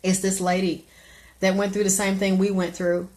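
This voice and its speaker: A middle-aged woman talking straight to her live viewers, blunt and profane. She preaches her points in a voice of middling pitch and swings now and then into loud, emphatic outbursts. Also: flat delivery, normal speed. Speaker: live stream host. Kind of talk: live stream advice talk.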